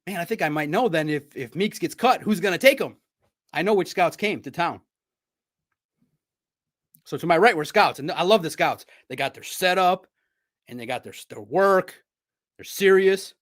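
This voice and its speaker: A man hosting a sports podcast, chatting casually and telling animated stories with frequent laughter. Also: high-pitched, moderate pace, long pauses. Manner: animated storyteller, laughs often, mimics shouting. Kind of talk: casual livestream chat.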